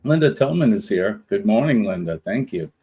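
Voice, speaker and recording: Brief: male livestream host, low voice, easygoing and chatty, greets the chat one name at a time. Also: animated, normal speed, mellow, breathy edge, low-quality recording. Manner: rambling, greeting viewers one by one. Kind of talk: casual live-stream chat.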